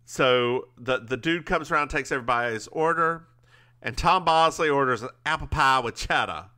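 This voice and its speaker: A man co-hosting a podcast, retelling a TV episode in a chatty, animated way with quick asides. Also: mid-range voice. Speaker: podcast co-host. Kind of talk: casual recap chat.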